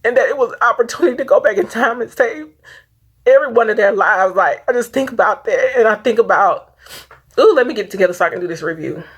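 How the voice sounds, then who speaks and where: A woman's voice: on the high side, lively intonation, fast, breathy edge. Tearful woman giving a heartfelt movie review. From Saint Louis area. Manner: earnest, rambling, stops and restarts often. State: tearful, fighting back crying. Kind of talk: emotional casual movie review.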